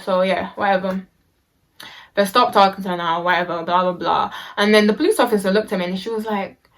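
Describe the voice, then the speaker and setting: A woman's voice: mid-range voice, a little fast, a bit bright. Young woman for a casual storytime vlog: chatty and slangy, full of fillers and restarts.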